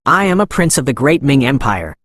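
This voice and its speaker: A man's voice: medium pitch, sing-song, brisk, a bit bright. A man reading an arrogant, ranting young prince. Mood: enraged. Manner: ranting, then begging. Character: arrogant young male prince, cruel, panicky.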